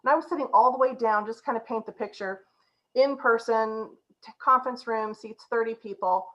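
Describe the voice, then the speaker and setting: Animated woman coach telling a story. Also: on the high side, normal speed, lo-fi sound. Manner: animated, laughs while telling. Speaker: agile coach. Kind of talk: storytelling talk to a group.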